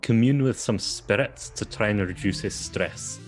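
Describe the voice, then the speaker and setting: A man playing a tabletop game on a stream, talking haltingly with amused restarts. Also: on the low side, music in the background. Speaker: player. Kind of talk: casual chat at a game table.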